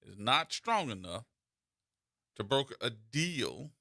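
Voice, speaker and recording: New man, radio host, lively swinging pitch, sharp forceful tone, dry studio mic. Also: slow, vocal fry, dry recording. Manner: animated storytelling, repeats and restarts. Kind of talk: call-in talk radio monologue. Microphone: studio microphone.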